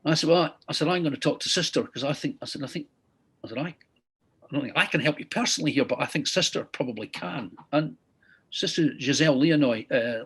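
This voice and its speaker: A man's voice: a little high, a bit bright, husky. A middle-aged man, a consultant surgeon, lecturing and retelling patient stories earnestly, often repeating "I said". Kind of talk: lecture with clinical anecdotes.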